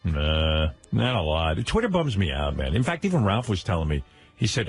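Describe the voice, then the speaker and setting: A man's voice: low voice, huge pitch swings, moderate pace, breathy edge, soft background music. A middle-aged man hosting a radio talk show, wry and teasing in his banter. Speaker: host.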